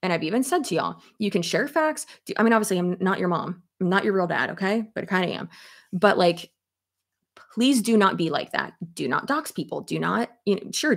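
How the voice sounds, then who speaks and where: A young woman chats to her audience in a loose, animated commentary, full of fillers and casual swearing. Her voice sits on the low side with a gravelly fry running through it. She reads and answers viewer comments as she goes. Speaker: commentary YouTuber. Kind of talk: casual commentary chat, reading live comments.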